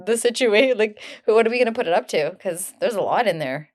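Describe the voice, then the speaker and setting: A woman's voice: medium pitch, lively intonation, brisk. Joking, slangy woman podcast host. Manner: joking, slangy, blunt reactions. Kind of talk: casual chat.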